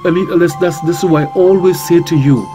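Speaking fairly quickly, a Trinidadian reverend who hosts talk radio preaches with bold emphasis in a somewhat high voice. He repeats phrases and strings together rhetorical questions, and music can be heard clearly behind him.

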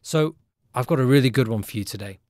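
Man, music producer, casual tutorial, chatty, upbeat, medium pitch, dry sound. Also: fast talker, darkish tone, no room sound. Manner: upbeat, chatty, often asks "right?".

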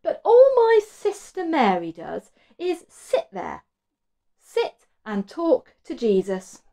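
A woman's voice: sits high, huge pitch swings, slow, gravelly, warm tone, pitched above the performer's own voice, exaggerated voice. A woman reading a storybook aloud and voicing a tired, cross grown woman who moans that she does all the housework. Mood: moaning, fed up. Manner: whiny, moaning, emphatic.

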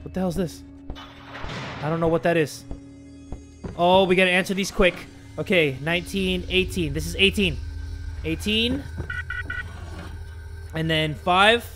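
A man doing excitable, swear-filled gameplay commentary as a gaming YouTuber. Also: high-pitched, a little slow, long pauses. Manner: excitable, swears, yelps and shouts when startled. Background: game music.

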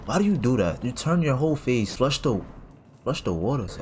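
A man's voice: medium pitch, big pitch swings, moderate pace, background noise. A man commentating his horror game playthrough, reacting in panic with casual slang. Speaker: gaming streamer. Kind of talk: let's play commentary. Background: game music.

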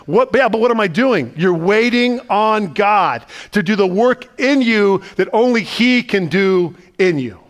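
A man, the pastor, preaching a sermon in a conversational, animated way and asking the listeners lots of questions. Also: sits high. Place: church sanctuary.

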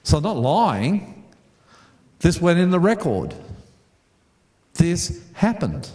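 A man's voice: a little high, very animated, unhurried, darkish tone, roomy sound. A middle-aged Australian man preaching a sermon to a congregation, chatty, repeating words and putting questions to the audience. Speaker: pastor. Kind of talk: storytelling sermon.

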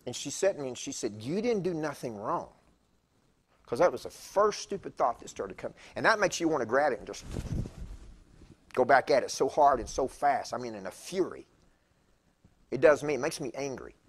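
A husky-voiced man in his fifties preaches as a guest speaker in a church. He talks in a chatty, rambling way, often restarting his sentences. His voice sits at a middle pitch. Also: sing-song, moderate pace, pauses often. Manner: chatty, digressive, with stammered restarts. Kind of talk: conversational sermon storytelling. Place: church sanctuary.

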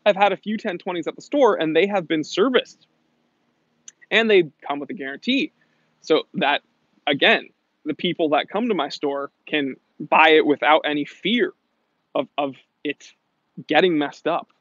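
A man with a fairly high voice talks casually on a live stream, answering viewer questions with lots of restarts and fillers. The sound is dry and close, with a slightly dull, lo-fi quality. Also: normal speed, fairly bright tone, no echo. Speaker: watch shop owner hosting a live stream.

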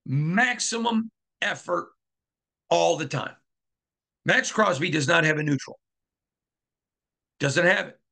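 A man's voice: fairly high pitch, measured pace, vocal fry, pauses often, bright, forceful tone. A middle-aged man hosting a sports podcast, talking in an emphatic monologue and repeating lines for effect. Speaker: podcast host.

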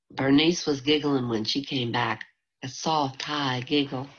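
A woman reading a novel aloud in calm, measured scripted narration. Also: very deep voice, husky. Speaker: audiobook narrator. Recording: dull lo-fi home recording.

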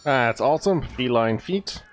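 A man hosting a let's play, giving relaxed commentary with mumbled asides. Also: mid-range voice, a little slow, soft background music. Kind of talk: casual gameplay commentary.

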